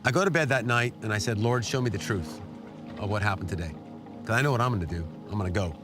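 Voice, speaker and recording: A middle-aged man giving an earnest, emotional personal testimony as an interview guest, his pitch jumping up when he is moved. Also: quick pace, music in the background. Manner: emotional, earnest storytelling with sudden rises in pitch. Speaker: guest telling a war story.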